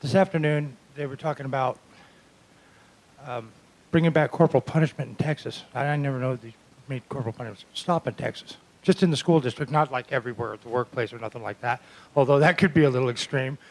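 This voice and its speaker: A man doing stand-up comedy in a small club, with sardonic, deadpan jokes. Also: mid-range voice, fast, low-quality recording. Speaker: stand-up comic, reverend.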